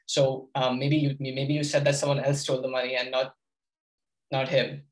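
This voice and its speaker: A man's voice: medium pitch, flat delivery, normal speed, reverberant, poor audio. A young man giving an informal workshop lecture, with lots of ums, hesitations and restarts. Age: young adult. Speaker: workshop presenter.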